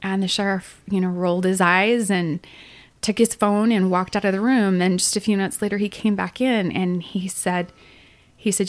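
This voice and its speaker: A woman's voice: mid-range voice, steady tone, normal speed, no room sound. A middle-aged woman, a podcast co-host, telling a painful personal story in earnest detail. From Utah. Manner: earnest, emotional retelling with quoted dialogue.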